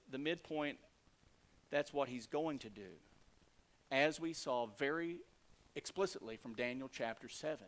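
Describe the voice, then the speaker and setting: A man, the lead pastor, preaching a sermon with emphatic rises and soft asides. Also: a little high. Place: church sanctuary.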